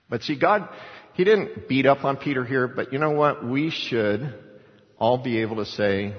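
A man preaching a sermon, swinging between loud emphatic passages and quiet asides, at times acting out the lines he quotes. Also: medium pitch, lively intonation, moderate pace. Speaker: pastor. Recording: dull sound with long hall reverb.

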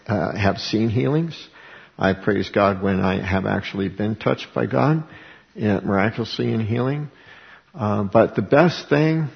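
Man, pastor preaching, low voice, gravelly, dull lo-fi sound. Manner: preaching with rhetorical questions and scripture reading. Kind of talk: sermon.

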